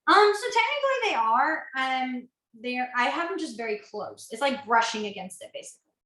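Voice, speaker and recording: A woman's voice: high voice, big pitch swings, fairly quick, sharp tone, roomy sound, poor audio. A woman teaching a beginners' sign language class, chatty and self-correcting, laughing easily. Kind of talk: online class instruction.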